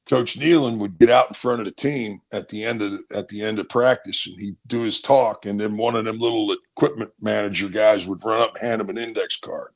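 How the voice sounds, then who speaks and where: Sixties ex-football guest, gravelly, punchy storyteller. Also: male voice, fairly low pitch. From Maryland, USA. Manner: lively, punchy anecdotes with repeats. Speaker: former football player, guest. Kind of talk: animated storytelling.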